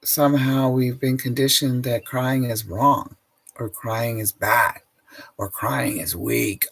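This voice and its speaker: A middle-aged man speaks as an energy healer in a spiritual self-help vlog. His voice is husky and a bit breathy. He talks very slowly and earnestly, stretching out emotional words. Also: lowish voice, steady tone, fairly bright tone, poor audio. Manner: slow, emotive, drawn-out and earnest.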